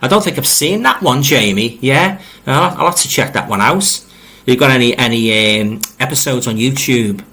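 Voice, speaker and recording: Animated and pushed, with a bright mid-range voice at normal speed, a middle-aged man with a Liverpool accent hosts a casual live stream. He reads viewer comments, rambles, and frequently repeats words as he restarts, staying friendly and speaking directly to viewers.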